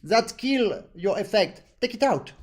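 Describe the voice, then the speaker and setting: A man's voice: high voice, expressive, measured pace, faint music behind. A man leads a live accordion lesson online, trading jokes and teasing his student. He sings little phrases to demonstrate, with faint instrument sounds in the background. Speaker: accordion teacher.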